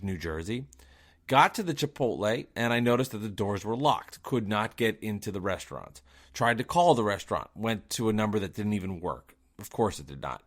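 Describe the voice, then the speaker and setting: A man's voice: fairly low pitch, normal speed. Ranting man telling a story. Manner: ranting, worked up, rhetorical questions; lively swings between loud and quiet. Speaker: podcast host and delivery driver. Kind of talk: casual storytelling monologue.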